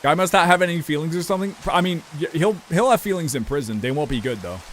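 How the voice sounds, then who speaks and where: A man's voice: a little high, animated, fast, fairly bright tone, a little hiss or hum. A young man from the United States, a streamer rambling casually to his chat while gaming, loose and profane.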